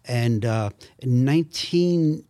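A man's voice: mid-range voice, slow pace, smooth, dry recording. Older guy spinning stories, acts out everyone, dry close mic. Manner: animated storyteller, acts out quotes. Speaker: guest, actor and minister. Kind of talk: storytelling in a podcast interview.

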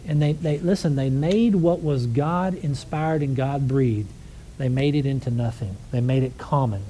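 A man with a warm, mid-range voice preaches at a moderate pace, recounting a personal story in a conversational style. He acts out the voices he quotes and closes in prayer, while the poor audio carries a little hiss or hum.

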